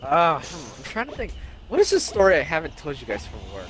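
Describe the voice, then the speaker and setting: A young man co-hosting a podcast, telling stories in a casual, animated way and acting out what people said. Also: a little high, brisk, over music. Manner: animated storytelling, acts out quotes. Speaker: podcast co-host. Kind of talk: casual chat.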